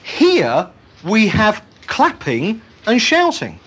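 A preacher delivering a sermon in an animated, humorous way, laughing at his own jokes. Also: mid-range voice, extremely slow, a little hiss or hum. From Britain.

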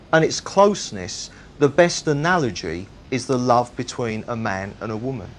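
A man preaching a sermon, stressing points by repeating words. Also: on the high side.

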